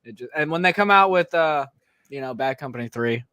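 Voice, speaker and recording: A man's voice: on the high side, lively intonation, fairly quick, bright, forceful tone, smooth, dry recording. A man appearing as a guest on a gaming podcast, laid-back and hesitant, with many fillers. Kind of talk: casual gaming podcast chat.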